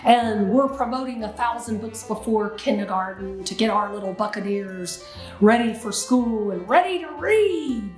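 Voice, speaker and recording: A woman hosting a library story time, talking playfully in pirate lingo and breaking into a sung shanty. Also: a little high. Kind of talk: playful pirate-themed promo talk. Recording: echoey room with faint music.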